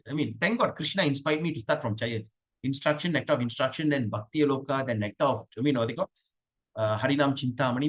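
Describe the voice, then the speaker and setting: A man leading an online devotional class over a video call, asking the class questions and chanting verses slowly. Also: mid-range voice, breathy edge. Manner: chatty, asks the class questions. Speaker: spiritual teacher.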